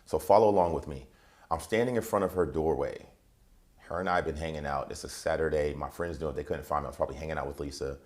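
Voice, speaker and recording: Very deep-voiced man telling a lively story. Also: fast talker. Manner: vivid storyteller who acts out the voices in his story. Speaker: transition coach, interview guest. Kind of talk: animated personal storytelling. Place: TV interview set.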